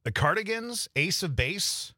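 A man's voice: high-pitched, sing-song, unhurried, bright, forceful tone, dry recording, clean studio sound. A man co-hosting a radio show, good-humoured and full of music trivia. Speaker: radio co-host. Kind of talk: casual radio banter.

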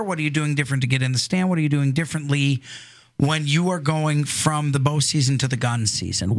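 A man hosting a radio talk show in casual studio chat, chatty and joking, often restarting his sentences. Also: fairly high pitch.

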